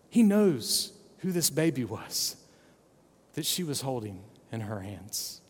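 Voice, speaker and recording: A man preaching a children's sermon, telling a story in a playful, animated way and often checking in with his listeners. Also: mid-range voice, long reverb tail.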